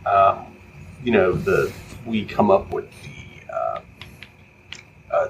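A podcast co-host with a lowish voice rambles through casual chat, full of fillers and restarts. There is a little hiss or hum on the recording.

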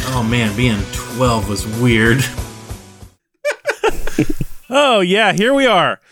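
A man co-hosting a casual podcast, telling stories quickly and laughing often. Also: mid-range voice, huge pitch swings, music in the background. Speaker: podcast co-host.

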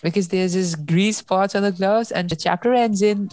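A woman's voice: mid-range voice, moderate pace, few pauses, a little mellow, no room sound. A woman co-hosting a casual book discussion, talking emotionally and often restarting as she reacts to the story. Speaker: podcast co-host.

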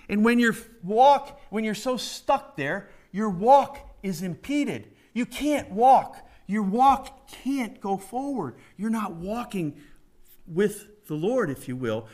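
A middle-aged man preaching a conversational sermon, folksy and emphatic, often putting questions to the congregation. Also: fairly high pitch.

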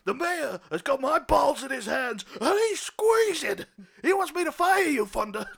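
A man voicing a stressed, balding, overweight police captain who yells in exasperation. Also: very high voice, sing-song, moderate pace, creaky, voice pushed up, full character voice. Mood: exasperated yelling. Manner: bellowing, exasperated yelling.

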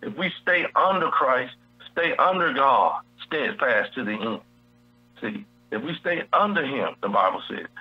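A man's voice: mid-range voice, husky, muffled recording. A man teaching from the Bible in a preacherly style on a radio show, repeating his key phrases. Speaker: guest preacher.

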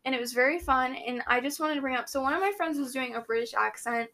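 Speaking fast in a high, bright voice with a forceful edge, a young woman co-hosts a podcast. She keeps things casual, wandering off track, restarting and giggling frequently.

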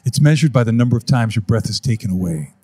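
A man's voice: medium pitch, lively intonation, fast, warm tone, slightly rough. A man being interviewed about wildlife photography, telling stories emphatically and acting out other people's voices. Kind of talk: animated interview storytelling.

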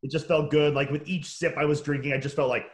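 Casting: quick, rambling male podcast host, roomy echo, acts out quotes. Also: on the high side, flat delivery. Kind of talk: casual chat.

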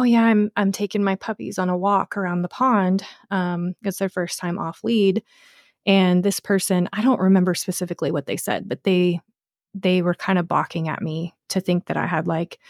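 A woman dog trainer chatting on a podcast, her voice a little low for a woman. She tells stories expressively in a dry, close studio sound. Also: dry recording. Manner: expressive, storytelling with voiced puppy calls. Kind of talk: casual podcast chat.

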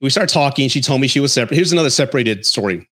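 A man hosting a podcast, telling a dating story in an animated, blunt way and swearing freely before giving advice. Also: medium pitch, very fast. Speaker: podcast host.

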